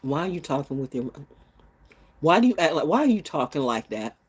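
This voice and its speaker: A woman in her sixties ranting bluntly and profanely in an unscripted vlog, jumping from low mutters to high outbursts and loud laughs. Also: very animated, fairly quick, slightly rough. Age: 60s. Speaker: vlogger. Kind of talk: unscripted rant to camera.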